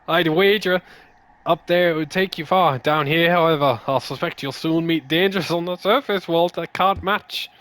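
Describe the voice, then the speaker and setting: A man voicing a friendly wandering bug explorer in a put-on Scottish accent that drifts toward Irish, speaking slowly and drawn-out. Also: fairly high pitch, a bit bright, close to an everyday voice. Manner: slow, drawn-out delivery, keeps laughing.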